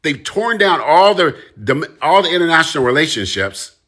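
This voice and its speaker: Man, impassioned monologue, bright forceful voice, emphatic and repetitive. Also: on the high side, very animated, normal speed. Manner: direct, emphatic, repeats phrases for emphasis. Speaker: commentator.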